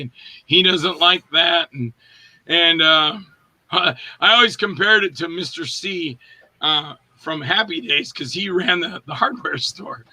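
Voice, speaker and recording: Animated, bright-voiced male actor. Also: a little high. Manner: animated, acts out quotes in voices. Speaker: actor, interview guest. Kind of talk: casual storytelling interview.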